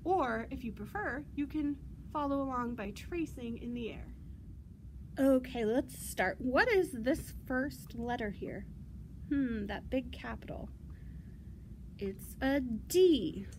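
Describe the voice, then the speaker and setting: A high-voiced woman hosts a children's storytime at a slow, careful pace. She speaks in a singsong, animated way and breaks into loud playful roars. A faint noise runs under the recording. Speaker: children's librarian.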